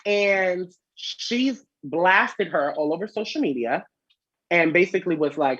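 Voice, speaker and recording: A man's voice: high voice, animated, measured pace, fairly bright tone, breathy edge, dry recording. A man hosting a casual gossip vlog, sassy and chatty, heard as a slightly dull lo-fi recording. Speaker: host.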